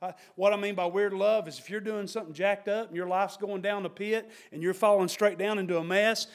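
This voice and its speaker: Male pastor, very high voice, preaching with bursts of shouting and mocking quoted voices. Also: fairly even intonation, brisk. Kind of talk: sermon.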